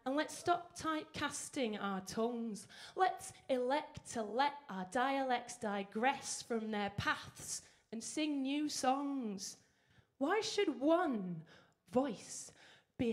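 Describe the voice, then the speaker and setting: High-voiced woman performing spoken-word poetry. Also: lively intonation, slow pace. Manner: rhythmic, rhyming delivery with playful asides. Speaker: performance poet. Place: live stage before an audience.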